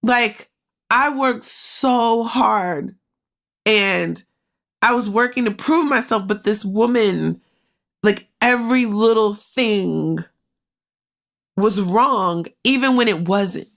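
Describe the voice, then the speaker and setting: Her voice is medium-pitched, gravelly and fairly bright, and she takes her time. As a podcast host, she shares a personal story with candor and emotion, addressing listeners directly and using lots of "like" fillers.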